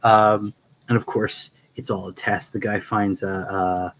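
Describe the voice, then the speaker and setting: Low-voiced man rambling through lore. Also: little pitch movement, unhurried, fairly bright tone, rough recording. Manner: rambling, full of fillers and restarts. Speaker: host of a Q&A channel. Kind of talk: casual rambling storytelling.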